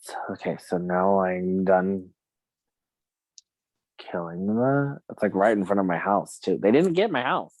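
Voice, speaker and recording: A man tells what he sees during a regression session in a loose, casual way. His pitch swings widely as he laughs and acts out quoted lines. The sound is dry and close. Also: expressive, unhurried, a little mellow, dry recording. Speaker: regression client. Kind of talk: recounting a hypnosis session.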